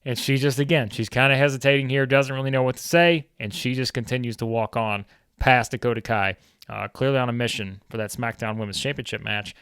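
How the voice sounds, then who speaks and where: A man's voice: mid-range voice, brisk, fairly bright tone, clear, resonant tone, no room sound, clean studio sound. A man hosting a gaming video, giving a chatty, casual recap of his game with lots of fillers.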